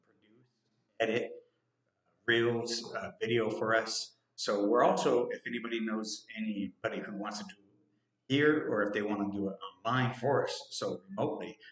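A man's voice: on the low side, fairly even intonation, moderate pace, fairly bright tone. A man co-hosting a podcast in casual chat, rambling and joking with many fillers. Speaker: podcast co-host. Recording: roomy echo.

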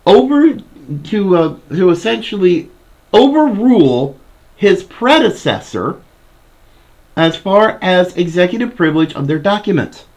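A man's voice: high voice, darkish tone. A man hosting a political commentary show, reading a news article aloud and breaking off with indignant asides. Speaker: podcast host.

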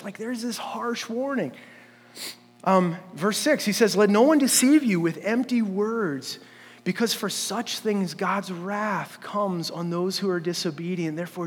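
Earnest high-voiced pastor in a reverberant hall. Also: male voice, breathy edge. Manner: conversational, frequent "like" fillers and restarts; earnest, building to emphatic points. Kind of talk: sermon. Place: church sanctuary.

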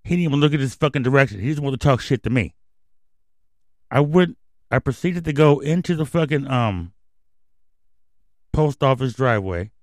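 A male host tears through a profane, heated rant on his radio show. His voice sits at an ordinary middle pitch. The sound is dry and close, with no room around it. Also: animated, moderate pace, pauses often, dry recording. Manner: angry, swearing constantly, heated.

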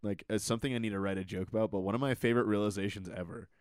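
A man's voice: lowish voice, very fast, smooth, no room sound, studio quality. A young man co-hosting a comedy podcast, swearing casually and acting out sketches. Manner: animated, swears freely, acts out sketch voices. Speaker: podcast co-host. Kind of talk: casual chat.

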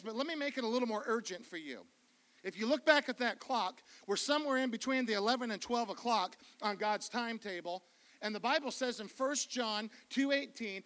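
A man preaching as a guest pastor in a church, energetic and joking, often calling out to the congregation. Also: very high voice. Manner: energetic, joking, calls out to the crowd. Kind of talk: sermon. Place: church sanctuary.

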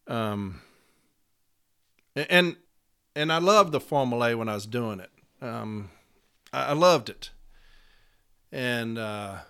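Bright-voiced, fervent union speaker. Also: male voice, medium pitch, smooth. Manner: fervent, profane storytelling, from loud pleading to quiet recollection. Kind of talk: impassioned personal speech to union members.

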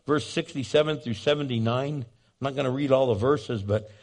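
A man preaching a sermon, animated and jokey, acting out the scenes he describes. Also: mid-range voice, moderate pace. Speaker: pastor.

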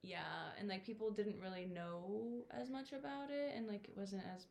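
A woman in her twenties co-hosts a podcast, rambling through stories in casual chat and filling them with "like." Her voice is medium-pitched at a moderate pace, with crowd noise behind her.

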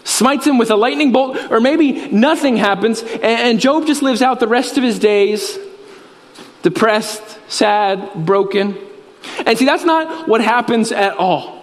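A man preaching a sermon as a pastor, earnest and repetitive, with emphatic pauses. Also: extremely high pitch, animated. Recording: reverberant hall.

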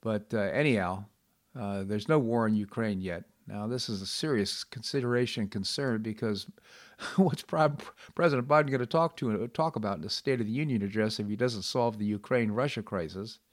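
A middle-aged man with a lowish voice hosts a radio talk show at a normal speed. He reads the news and comments on it conversationally, with lots of fillers and restarts.

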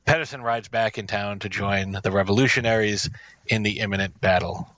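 A man's voice: on the low side, brisk, fairly bright tone, no room sound, lo-fi sound. A man co-hosting a film podcast, chatting casually and jokingly, rambling with many fillers. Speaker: podcast co-host. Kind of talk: casual film review chat.

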